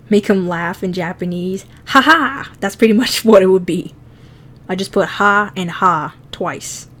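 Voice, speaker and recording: A woman streaming herself drawing, chatting casually, laughing often and swearing freely as she teases herself. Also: fairly low pitch. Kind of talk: casual chat while drawing.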